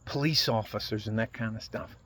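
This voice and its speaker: A man's voice: fairly low pitch, brisk, pushed and bright, slight background noise. A man from the United States delivering a profane, heated political rant straight to his viewers. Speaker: video blogger. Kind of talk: angry political rant to camera.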